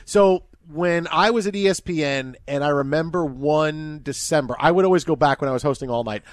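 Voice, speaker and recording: A male sports radio host tells stories in a casual, animated way. His voice sits high for a man and climbs even higher when he gets excited. The studio sound is dry and close. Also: brisk, no room sound.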